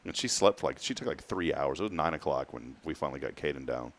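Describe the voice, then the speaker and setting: A Texan man in his thirties with a very low, deep voice hosts a relaxed morning chat. He rambles through long personal stories and laughs often as he talks. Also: fast, a little hiss or hum. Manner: rambling storyteller, chuckles often. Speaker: morning show host. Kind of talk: casual chat.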